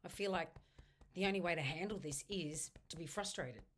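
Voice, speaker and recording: A woman leading a guided tapping exercise, speaking slow, repetitive first-person affirmations. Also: on the low side, a bit bright. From Australia. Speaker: EFT tapping instructor. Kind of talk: guided tapping script spoken aloud.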